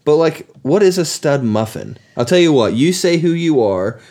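A man's voice: a little high, lively intonation, moderate pace, darkish tone. A man hosting a casual podcast chat with his son, joking and teasing playfully. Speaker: podcast host.

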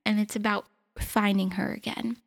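A woman's voice: mid-range voice, little pitch movement, normal speed, creaky. A woman in her twenties hosting a solo podcast episode, talking earnestly and encouragingly to her listeners. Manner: earnest, encouraging, self-reflective. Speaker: podcast host.

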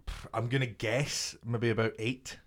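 A man's voice: mid-range voice, level tone, unhurried. A young man chatting casually on a podcast. He tells his stories in a laid-back way, swearing freely as he goes. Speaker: podcast host. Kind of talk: casual chat.

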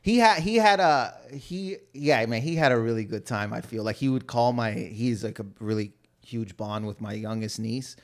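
A man's voice: medium pitch, moderate pace. A young man from Canada, co-hosting a casual chat, telling rambling family anecdotes with many restarts, trailing fillers and laughs.

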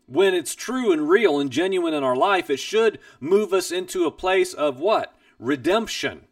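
A man's voice: fairly high pitch, animated, measured pace, dry recording, studio quality. A man hosting a Bible teaching program, sharing a personal testimony in an earnest, emphatic way, recorded a little distant from the mic.

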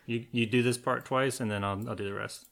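A man's voice: mid-range voice, steady tone, brisk, gravelly, a bit bright. A man hosting a casual podcast chat with friends, playful and laughing often, who also raps a written recap. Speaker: podcast host.

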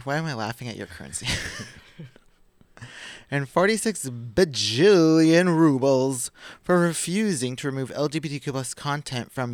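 A man of average pitch co-hosting a casual podcast, reading news aloud and breaking off to joke and curse. The sound is dry and close, with little room echo. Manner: chatty, swearing, laughs while reading. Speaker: podcast co-host.

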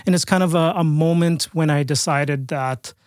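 A man's voice: fairly high pitch, moderate pace, dry recording, studio quality. A middle-aged Canadian man, a podcast guest, telling a personal story in a chatty way, repeating words and restarting often. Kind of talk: storytelling in a casual interview.

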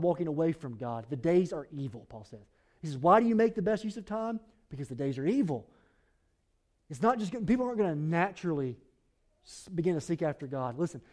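A man's voice: fairly high pitch, a little mellow. A male pastor preaching a sermon in a church, speaking urgently and addressing the congregation directly.

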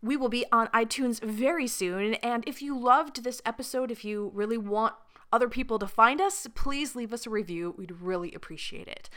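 A woman's voice: fairly high pitch, normal speed, a bit bright, a little hiss or hum. A woman hosting a podcast, chatting casually in an upbeat, enthusiastic way and laughing easily. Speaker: podcast host.

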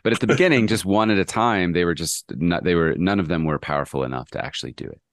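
A man with a deep voice riffs eagerly in a casual podcast chat, full of loose asides. The sound is dry and close, with no room around it. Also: fast, no echo. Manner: enthusiastic, rambling, lots of fillers. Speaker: podcast co-host.

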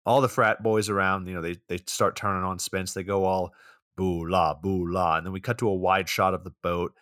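A man's voice: deep voice, level tone, brisk, fairly bright tone, no echo, clean studio sound. A young man casually recapping a movie's plot on a podcast, rambling along with plenty of fillers. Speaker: podcast co-host.

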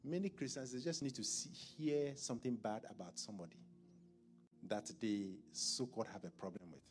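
A man preaching a sermon at a church service in a conversational style, asking the congregation questions and clearing his throat. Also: medium pitch, moderate pace, darkish tone, soft background music. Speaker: pastor.

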